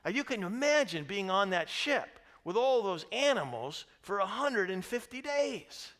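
A man pastor preaching a sermon, telling the story lively and asking the congregation questions. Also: high-pitched, unhurried. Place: church sanctuary.

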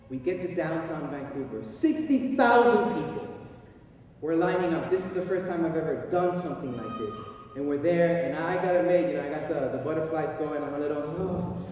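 A man preaching a sermon, telling a story in an animated way that swings between hushed asides and loud bursts. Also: on the high side, highs cut off, slight background noise. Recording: echoey hall recording from far off.

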